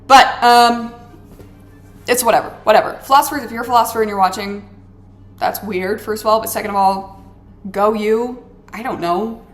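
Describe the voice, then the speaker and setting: A woman's voice: a little high, fairly even intonation, moderate pace, soft background music. A woman vlogger chatting casually while she plays a mobile game, ranting dramatically with sarcastic, exasperated asides. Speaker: gaming vlogger.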